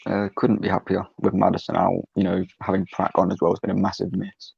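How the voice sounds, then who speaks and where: Deep, gravelly guest on a lo-fi call. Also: male voice, monotone, fairly quick, darkish tone, dry recording. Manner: brief and matter-of-fact. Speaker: fan guest. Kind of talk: casual chat. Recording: dull lo-fi dry call audio.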